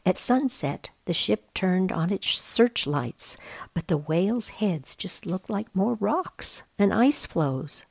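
Slow husky woman reading a picture book. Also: mid-range voice, lively intonation, no room sound. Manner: slow, gentle, explanatory. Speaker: storyteller.

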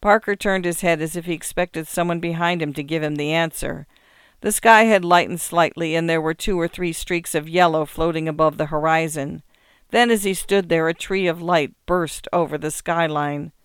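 A woman reading short stories aloud for radio, measured and expressive. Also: deep voice, clean tone, dry recording, studio quality. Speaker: radio reader and host. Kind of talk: scripted narration of short stories.

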